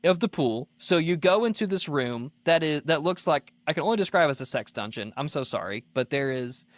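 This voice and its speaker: A man co-hosting a podcast, telling an animated story in casual chat, full of "like" fillers. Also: on the high side, a little fast, dry recording. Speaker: podcast co-host.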